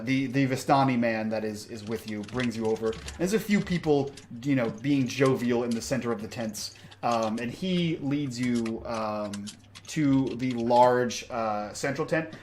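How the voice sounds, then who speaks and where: A man narrating as game master of a tabletop game, halting with many fillers. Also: medium pitch, a little mellow, a little hiss or hum. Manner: halting, with many ums and uhs.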